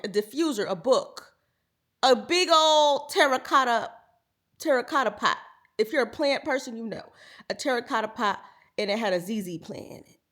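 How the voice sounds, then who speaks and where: Animated chatty woman in her thirties. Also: on the high side. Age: 30s. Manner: animated, chatty, talks to viewers as "girl" and "y'all". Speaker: lifestyle vlogger. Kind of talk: casual storytelling to camera.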